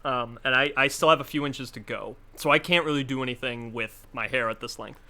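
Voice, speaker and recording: A man's voice: medium pitch, a little fast, bright, forceful tone. A man co-hosting a charity stream, chatting casually and laughing often. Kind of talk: casual chat.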